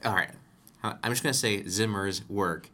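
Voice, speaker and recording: A man's voice: on the low side, normal speed, pushed and bright. A man co-hosting a podcast, chatting casually about a film, rambling and correcting himself as he goes. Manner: rambling, self-correcting, laughs easily. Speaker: podcast co-host. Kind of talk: casual movie discussion.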